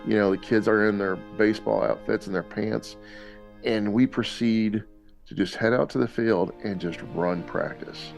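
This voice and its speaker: A man casually telling lively anecdotes on a podcast, laughing often. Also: lowish voice, normal speed, vocal fry, soft background music. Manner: animated storyteller, laughs often. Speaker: podcast guest dad. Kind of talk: casual storytelling.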